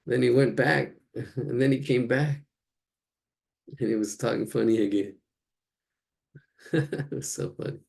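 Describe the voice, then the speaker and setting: A man talking casually to himself as he draws during a class practice, rambling and chuckling in quiet asides. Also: mid-range voice, slow, creaky, pauses often, husky. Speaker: drawing instructor. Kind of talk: casual narration while drawing.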